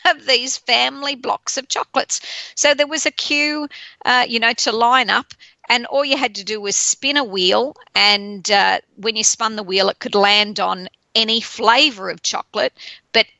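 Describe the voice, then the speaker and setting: A woman hosting a show and telling a personal story in a lively way, often laughing and acting out the people she quotes. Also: medium pitch, gravelly, dry recording. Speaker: podcast host.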